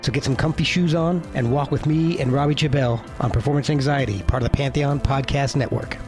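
A man's voice: medium pitch, fairly even intonation, fairly quick, over music. A man hosting a podcast, introducing his guest in a chatty, joking way. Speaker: podcast host. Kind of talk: casual podcast intro and chat.

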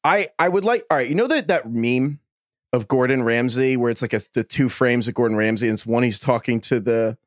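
A man co-hosting a podcast, chatting casually and rambling with quick asides. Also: medium pitch, dry recording, clean studio sound. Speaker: podcast co-host. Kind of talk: casual sports chat.

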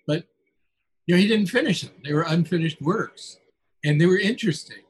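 A man's voice: a little high, expressive, brisk, poor audio. An older man, an author being interviewed, telling anecdotes in a chatty way, chuckling and restarting his sentences. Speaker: author guest. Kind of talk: conversational interview.

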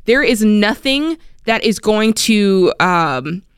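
Woman radio advice host, firm and practical, smooth voice, dry studio sound. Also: mid-range voice, lively intonation, takes it slowly, dry recording. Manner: direct, practical, laughs while staying serious.

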